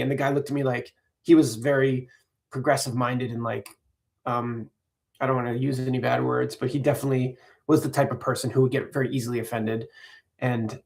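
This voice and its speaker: A man from the United States talks straight to his livestream viewers in a loose, rambling way. His voice has a gravelly, fry-tinged edge at a middle pitch. He sounds earnest and unscripted. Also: fairly even intonation, fairly quick. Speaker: parody channel host. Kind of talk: casual livestream chat.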